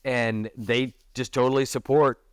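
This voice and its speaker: A man's voice: measured pace, clear, resonant tone, no echo, clean studio sound. A middle-aged man, a podcast guest, chatting casually and animatedly, telling stories and acting out the lines of the people in them. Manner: animated, acts out quotes with a raised pitch. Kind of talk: casual storytelling chat.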